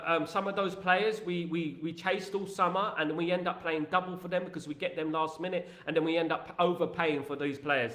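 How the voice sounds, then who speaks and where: Male football streamer, high voice, emphatic and rambling, echoey room. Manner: animated, rambling, emphatic, British slang. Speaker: football podcast host. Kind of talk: live-stream chat reading viewer comments.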